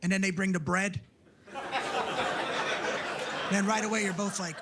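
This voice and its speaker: Middle-aged male stand-up, brash and profane, high voice, live club sound with audible room noise. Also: takes it slowly. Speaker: stand-up comedian. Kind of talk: stand-up routine. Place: comedy club stage with laughing audience.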